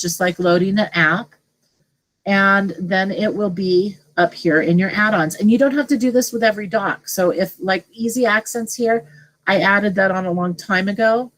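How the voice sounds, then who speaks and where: A middle-aged woman teacher casually walking colleagues through a software tutorial, thinking aloud as she clicks. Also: medium pitch, rough recording. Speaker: teacher leading a tech training session. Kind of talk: screen-share tutorial for colleagues.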